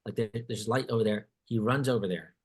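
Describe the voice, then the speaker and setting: A man hosting a podcast, telling a story in casual chat, animated and swearing casually, acting out what people said. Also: fairly low pitch, brisk, breathy edge. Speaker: podcast host.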